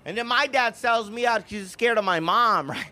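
A man performing a stand-up comedy set in a club, animated and acting out characters. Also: sits high, moderate pace, a crowd in the background. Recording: live room with audience noise.

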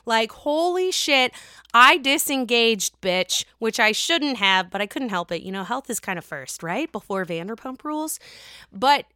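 A Pittsburgh woman hosts a gossip podcast in a bright, somewhat high voice, swearing freely and jumping from quiet asides to loud outbursts. She is recorded close and dry, with no room sound. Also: measured pace, clear, resonant tone, no echo. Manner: chatty, profane, animated swings in loudness. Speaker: podcast host. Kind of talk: casual gossip commentary.

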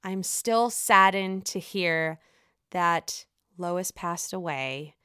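A woman's voice: on the low side, extremely slow, pushed and bright, clear, resonant tone, no echo, studio quality. A woman giving casual solo commentary as a reality TV fan, chatty, gushing and freely swearing.

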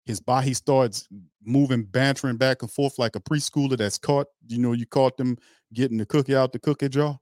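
A man's voice: mid-range voice, darkish tone, dry recording, clean studio sound. A man hosting a sports fan livestream, ranting bluntly and mockingly with slang and cursing. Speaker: fan show host. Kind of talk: heated fan commentary on a livestream.

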